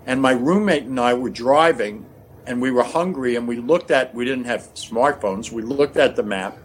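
A man chatting as a podcast guest, telling animated stories with frequent laughter. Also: mid-range voice, moderate pace, slight background noise. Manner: animated storyteller, laughs often. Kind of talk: casual chat.

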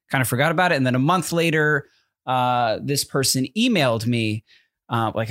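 A man's voice: medium pitch, a bit bright, dry recording, clean studio sound. A man in his thirties, co-hosting a podcast in casual chat, rambling through a story with many fillers and acted-out quotes. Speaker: podcast co-host.

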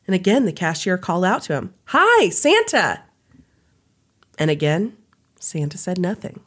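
A woman's voice: fairly low pitch, brisk. A woman hosting a podcast, reading a story aloud in a casual chat style and breaking off for laughs and asides. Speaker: podcast host.

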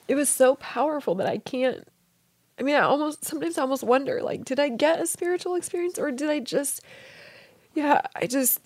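A woman speaking in a fairly high voice with a gravelly, creaky edge. She tells a personal story in an interview, tender and hushed, often sinking into a soft whisper. The recording is close and dry, with no room sound. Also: no room sound. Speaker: interview guest.

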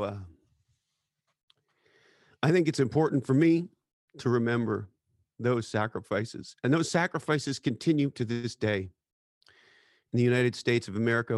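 A man's voice: mid-range voice, measured pace, gravelly, long pauses, no room sound, studio quality. A middle-aged man speaking as a podcast guest, telling personal stories in an earnest, reflective way. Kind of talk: casual chat.

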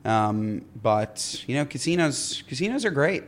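A man guesting on a podcast, chatting casually in a dry, deadpan way with a slightly raspy voice. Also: mid-range voice, a little slow. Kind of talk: casual chat.

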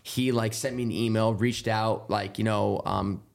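A man with a somewhat low voice tells stories as an interview guest. He rambles in a loose, casual way, piling on fillers and dropping the odd swear word. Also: steady tone, unhurried, vocal fry. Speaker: guest, Olympic runner.

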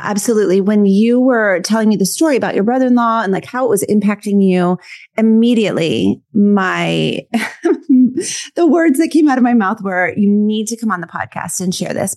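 A woman's voice: mid-range voice, a little mellow, dry recording, studio quality. A woman hosting a podcast, introducing and interviewing her guest in an enthusiastic, gushing way. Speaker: podcast host.

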